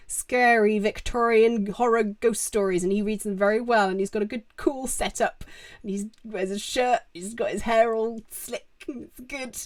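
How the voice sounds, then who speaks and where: A woman's voice: medium pitch, no room sound. Young woman streamer, casual rambling Q&A, close dry mic sound. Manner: chatty, rambling, lots of fillers. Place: home. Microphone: desk microphone.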